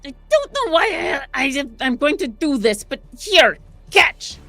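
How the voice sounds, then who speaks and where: A woman's voice: sits high, big pitch swings, measured pace, pushed and bright, soft background music, pitched above the performer's own voice, heavily acted. A woman voicing an angry half-fey woman who growls and gives in reluctantly. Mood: grudging.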